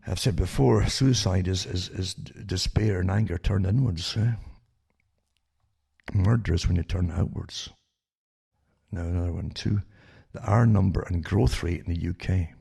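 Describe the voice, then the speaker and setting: A man's voice: sits low, unhurried, vocal fry, long pauses, mellow, slightly rough. An older man hosting a talk radio show, rambling with many restarts and sarcastic asides that end in "eh?".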